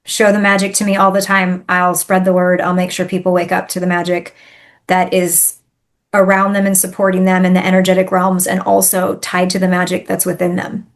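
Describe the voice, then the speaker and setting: Animated woman telling a story. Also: lowish voice, brisk. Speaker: guest, spiritual healer. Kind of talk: storytelling in a podcast interview.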